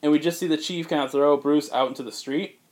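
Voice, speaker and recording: Casual man retelling a movie pitch. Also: fairly even intonation, darkish tone. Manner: rambling, many fillers, quick voice changes for characters. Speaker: podcast co-host pitching a movie. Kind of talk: casual chat, retelling a story.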